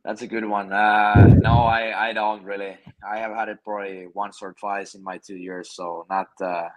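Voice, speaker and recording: A Finnish man speaks English as a second language with a Finnish accent. He talks in a halting way, restarting and repeating words. His voice is somewhat low. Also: level tone. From Finland. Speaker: professional hockey player guest. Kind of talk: casual interview.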